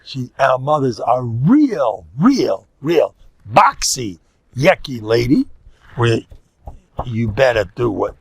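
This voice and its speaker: A man's voice: mid-range voice, very animated, takes it slowly, husky, no room sound. An older man, a rabbi giving an informal, joking Torah lecture that mixes in Yiddish and Hebrew words. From United States.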